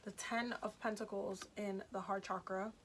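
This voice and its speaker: A woman's voice: mid-range voice, level tone, moderate pace, very noisy. A woman giving a casual, chatty tarot reading to her viewers, emphatic and repeating herself, with many fillers. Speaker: tarot reader.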